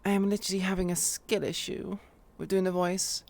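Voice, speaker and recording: A woman's voice: lowish voice, flat delivery, brisk, gravelly, darkish tone. A woman from Bristol with a Bristol accent, chatting casually out of character as a streamer in a VR role-play, in a self-deprecating way. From Bristol, England.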